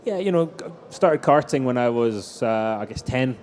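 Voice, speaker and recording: A man's voice: medium pitch, lively intonation, normal speed, darkish tone. A middle-aged man telling anecdotes as a guest in a live stage interview. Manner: anecdotal storytelling, frequent restarts. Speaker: racing driver guest.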